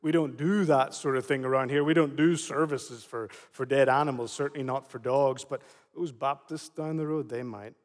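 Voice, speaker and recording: Guy doing a stuffy priest, dismissive, deeper than his normal voice, hall echo. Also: steady tone, moderate pace, few pauses, lightly acted. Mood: indignant. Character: indignant male parish priest in a joke. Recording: long hall reverb.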